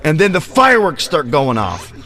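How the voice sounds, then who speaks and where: A man hosting a casual chat show, telling a story in a relaxed way and acting out other people's lines in raised voices. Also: a little high, normal speed, very noisy. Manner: animated, acts out friends' lines in raised voices. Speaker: podcast host.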